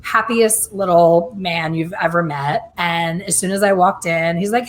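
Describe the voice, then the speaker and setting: A middle-aged woman hosting a casual chat, telling lively stories and acting out other people's voices. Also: fairly low pitch, normal speed. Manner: animated, acts out quoted voices. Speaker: host.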